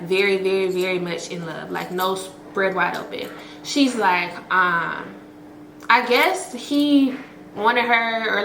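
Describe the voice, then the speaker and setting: Bright-voiced woman telling a storytime. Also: mid-range voice, roomy sound, a little hiss or hum, poor audio. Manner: chatty, slangy and profane, with many fillers; expressive, acts out quotes. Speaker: storytime vlogger. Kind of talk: casual storytelling to viewers.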